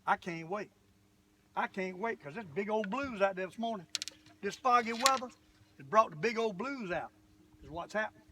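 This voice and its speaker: Lively older man, drawl. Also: high voice, moderate pace, long pauses, distant mic, background noise. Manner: folksy, chatty, talks straight to viewers. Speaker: fishing vlogger. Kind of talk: excited fishing vlog commentary. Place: outdoors on a boat on a lake.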